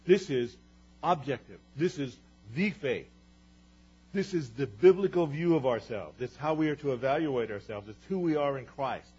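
A man's voice: mid-range voice, darkish tone, slightly rough. A man preaching a sermon as pastor, earnest and building to emphatic repeated declarations. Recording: dull, lo-fi sermon recording.

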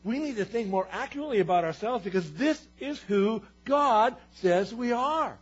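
A man's voice: sits high, expressive, moderate pace, breathy edge. A man preaching a sermon as pastor, earnest and building to emphatic repeated declarations. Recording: dull, lo-fi sermon recording.

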